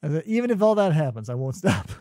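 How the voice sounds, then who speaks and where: High-voiced man telling a story. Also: big pitch swings, fast talker, mellow, no echo. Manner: storytelling, dry mock-logical reasoning. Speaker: podcast co-host. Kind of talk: casual comedic chat.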